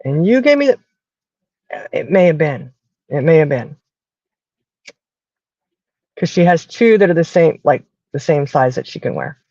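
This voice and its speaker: This podcast host, a Southern American woman, has a gravelly voice that sits low, around the middle of the range, and she speaks a little slowly with long pauses. Her talk is casual and chatty, like a story for friends, on a dry, slightly dull recording.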